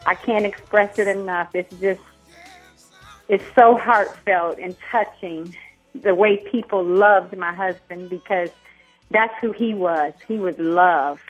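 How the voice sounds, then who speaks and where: A woman calling in to a radio tribute, speaking softly and emotionally, searching for words. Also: medium pitch, slow, lo-fi sound, soft background music. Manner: soft, moved, searching for words. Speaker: caller, widow.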